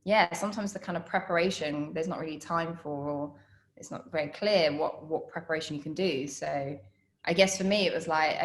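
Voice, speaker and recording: A woman's voice: low voice, brisk. Chatty woman on a roomy call. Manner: chatty, animated storytelling with laughs and fillers. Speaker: actress answering student questions. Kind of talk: casual Q&A over video call.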